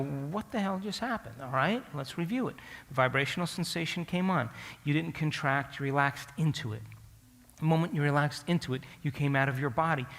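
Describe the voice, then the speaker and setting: Animated man lecturing in a reverberant hall. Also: a little high, gravelly. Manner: animated, asks the audience questions. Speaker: speaker addressing an audience. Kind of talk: storytelling lecture.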